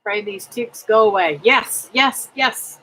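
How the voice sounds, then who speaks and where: A middle-aged woman hosting a casual livestream, praying aloud and chatting with viewers in a slow, homely way. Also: medium pitch, fairly bright tone, slight background noise, poor audio. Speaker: homestead livestream host. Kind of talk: casual livestream chat reading comments.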